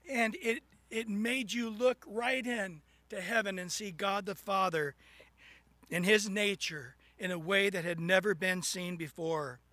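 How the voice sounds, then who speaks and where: A man preaching a sermon, animated, acting out little scenes and rising into sudden loud bursts. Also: high voice, no room sound. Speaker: pastor.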